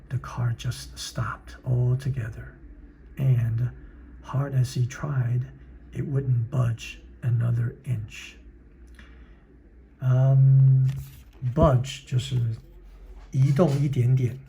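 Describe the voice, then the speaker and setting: A reader and teacher goes slowly through a children's book aloud, stopping to explain words in another language and sometimes dropping to a whisper. His mid-range voice is warm and creaky, with slight background noise.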